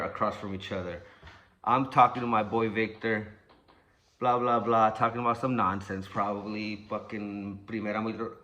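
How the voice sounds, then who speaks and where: A man's voice: lowish voice, sharp tone. A man telling a story from his school days in a casual, rambling way, swearing a lot and acting out the sounds.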